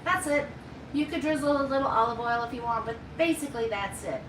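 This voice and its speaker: A woman's voice: a little high, a little fast, echoey room, far from the mic, noisy background. A woman hosting a live cooking demonstration, chatty and folksy as she talks straight to her viewers from her home kitchen. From United States. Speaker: cooking show host.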